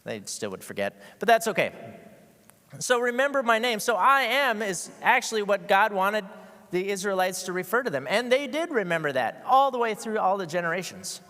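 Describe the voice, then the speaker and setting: Male preacher, conversational and joking, rather high and very animated voice, long hall reverb. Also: normal speed. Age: adult with school-age kids. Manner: casual, joking, with many fillers and restarts. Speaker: guest preacher. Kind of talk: conversational sermon. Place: church sanctuary with a masked congregation.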